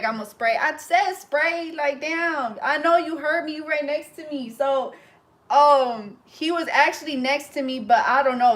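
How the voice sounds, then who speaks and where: Woman braider chatting away while she styles hair, kinda high voice, lots of slang, talks to y'all. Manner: animated, slangy, acts out quoted voices. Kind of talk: casual storytelling while styling hair.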